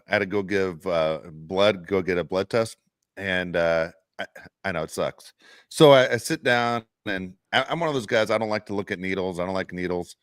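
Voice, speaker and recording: A man co-hosting a podcast, telling animated stories and ranting with plenty of cursing in casual chat. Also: on the low side, dry recording, clean studio sound. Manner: animated, profane ranting storyteller. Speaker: podcast co-host.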